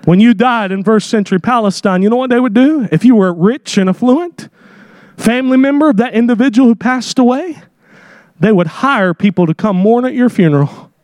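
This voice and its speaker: A high-voiced man preaches a dramatic sermon at a fairly quick pace, acting out the people in his story and building to shouted peaks. He's heard close and dry, with no room sound.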